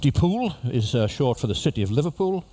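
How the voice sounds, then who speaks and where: A man's voice: medium pitch, sing-song, fast, warm tone. A man giving a humorous, chatty talk to cruise passengers as an after-dinner speaker. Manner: jokey, chatty storyteller addressing an audience. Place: ship lecture venue.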